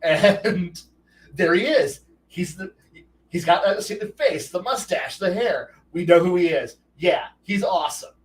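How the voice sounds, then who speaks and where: Casual male streamer, high voice, rambling storyteller, mic a bit distant. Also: a little slow. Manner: rambling, frequent restarts, animated quoted dialogue. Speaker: streamer host.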